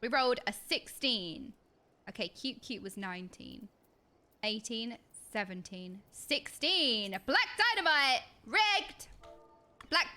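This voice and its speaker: A woman's voice: high-pitched, sharp tone. A young woman streaming a game, chatting playfully and chanting silly words in a sing-song way. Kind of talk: casual live-stream chatter.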